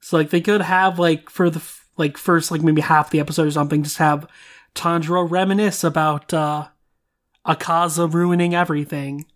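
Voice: medium pitch, fairly even intonation, moderate pace. Podcast host rambling through news, mid voice, lots of likes and ums. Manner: chatty, speculative, lots of fillers. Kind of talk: casual chat.

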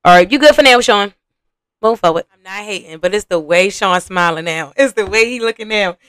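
Animated woman reacting to reality TV. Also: mid-range voice, a little fast, clear, resonant tone, dry recording. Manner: animated, profane, talks to viewers as y'all. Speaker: podcast host reacting to a reality show. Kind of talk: casual reaction commentary.

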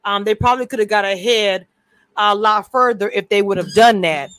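A woman's voice: medium pitch, normal speed, fairly bright tone, clear, resonant tone, no echo. A woman co-hosting a casual recap chat over a video call, talkative and prone to drifting off topic with many restarts. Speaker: co-host.

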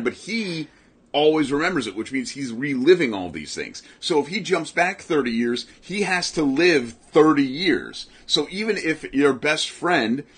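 A man's voice: medium pitch, a bit bright, slightly rough. A man co-hosting a casual comic book podcast, talking enthusiastically and teasing his co-host. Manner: enthusiastic, teasing, quick asides. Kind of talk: casual chat about comics.

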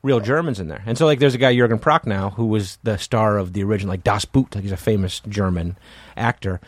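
A man's voice: lowish voice, fast, dry recording, studio quality. A man co-hosting a podcast, talking eagerly and acting out quotes in his stories. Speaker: podcast co-host. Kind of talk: casual podcast chat.

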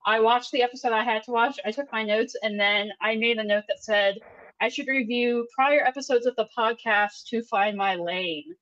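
A woman's voice: a little high, normal speed, a bit bright, lo-fi sound. A woman guest on a podcast, telling rambling, self-deprecating stories in casual chat.

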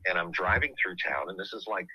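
A man's voice: low-pitched, fairly quick, pushed and bright, slightly rough, dry recording, low-quality recording. A man hosting a podcast, telling a personal story in an earnest, reflective way. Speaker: podcast host.

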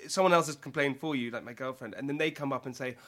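A man's voice: mid-range voice, fast, a bit bright. A man talking as a guest in a casual chat, telling self-deprecating stories with easy laughter.

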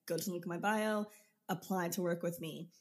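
A woman in her twenties speaks in a somewhat low register as a podcast guest. She tells her story with energy and laughs often. It sounds like a casual, personal interview. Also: steady tone, fairly quick. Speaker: podcast guest, business coach.

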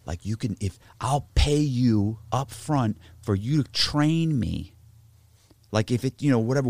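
A man telling a story in casual chat, profane and animated, acting out both sides of a conversation. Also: lowish voice, no echo. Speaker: podcast host telling a story.

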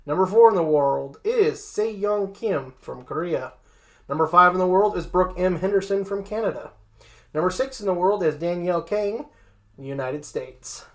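A middle-pitched sports show host runs through ranking lists in a plain, casual reading voice. Small jokes and asides break up the lists. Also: moderate pace.

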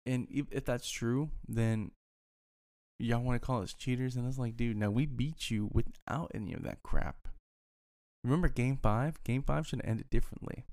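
A man's medium-pitched, creaky, somewhat mellow voice carries a profane, casual tirade about sports. Clearly upset as a fan, he rants heatedly and circles back over the same points.

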